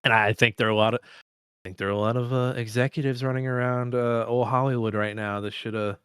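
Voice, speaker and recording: Casual movie podcast dude, cusses constantly, gets worked up, dry mic. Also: male voice, medium pitch, quick pace, smooth, no echo. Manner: profane, excitable, rambling. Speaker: podcast co-host. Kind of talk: casual film discussion.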